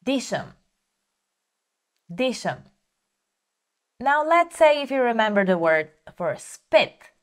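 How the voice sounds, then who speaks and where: A woman teaching vocabulary, repeating each word slowly and carefully for learners. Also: on the high side, very animated. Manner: slow, careful repetition for learners. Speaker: language teacher. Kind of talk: slow vocabulary lesson.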